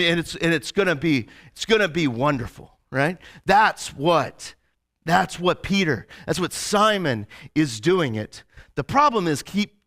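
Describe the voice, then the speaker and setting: A male pastor preaching in a loose, conversational way, full of fillers and restarts. His voice sits high and sounds bright and forceful. He swings between lively retelling and quiet, heavy moments. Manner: animated, casual storytelling with many fillers. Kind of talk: sermon.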